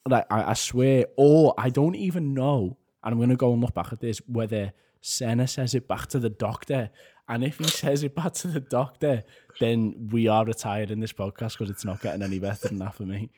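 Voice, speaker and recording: A man co-hosting a podcast in casual chat, chatty and animated, laughing often. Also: mid-range voice, normal speed, husky. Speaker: podcast co-host.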